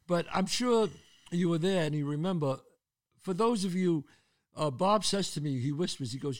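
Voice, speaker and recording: A man, hosting a casual chat and telling stories with lively exclamations. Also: a little high, normal speed. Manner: animated, exclaiming storyteller. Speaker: host.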